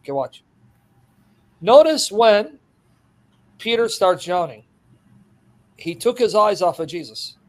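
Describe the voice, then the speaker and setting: Animated high-voiced male preacher. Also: takes it slowly, long pauses. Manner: animated, laughs while retelling, acts out scenes. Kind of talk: expository sermon.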